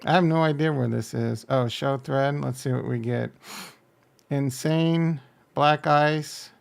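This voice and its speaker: Gravelly man riffing crudely over clips. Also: mid-range voice, takes it slowly. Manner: blunt, joking, talks over clips. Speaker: streamer reacting to videos.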